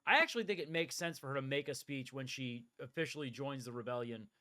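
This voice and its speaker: A man's voice: medium pitch, fast talker, sharp tone. A man co-hosting a podcast, chatting casually about a TV show and adding short agreements and side notes. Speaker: podcast co-host. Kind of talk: casual chat recapping a TV show.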